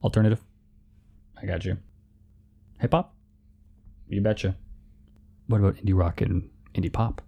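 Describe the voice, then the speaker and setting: A man's voice: fairly low pitch, steady tone, moderate pace, creaky, pauses often, muffled recording. A man hosting a music show, giving casual, rambling commentary with a playful, self-deprecating manner. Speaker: music show host and playlist curator.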